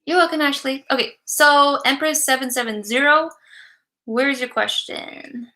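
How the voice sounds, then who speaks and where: A young woman hosts a live psychic reading in a loose, chatty way, full of fillers and little laughs. Her voice is bright and sits a bit high. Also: steady tone, measured pace. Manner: chatty, giggly, many fillers. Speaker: psychic reader hosting a live stream. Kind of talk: casual live-stream reading.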